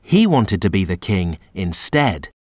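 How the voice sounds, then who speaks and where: A man's voice: low voice, sing-song, a little slow, heavy background noise, voice pushed down. A man voicing a sad young boy king held prisoner, telling his story earnestly in a children's storybook.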